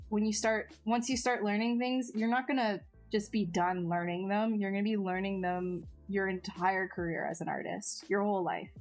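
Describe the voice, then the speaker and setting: A woman chatting casually on a live stream while she sculpts, answering viewers in a self-mocking way that often trails off and restarts. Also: medium pitch.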